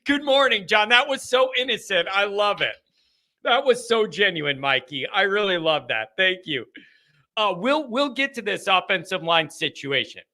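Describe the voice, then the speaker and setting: A man hosting a live fan call-in show, animated and emphatic, often repeating phrases for effect. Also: sits high, moderate pace.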